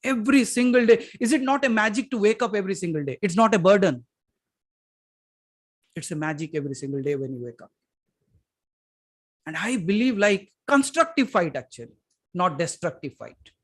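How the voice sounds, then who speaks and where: A man with an Indian English accent giving a spiritual satsang talk, emphatic, moving from loud to hushed and putting questions straight to his listeners. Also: sits high, expressive, normal speed, pauses often. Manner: addresses listeners directly with questions. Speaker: spiritual teacher. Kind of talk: satsang talk to a live audience.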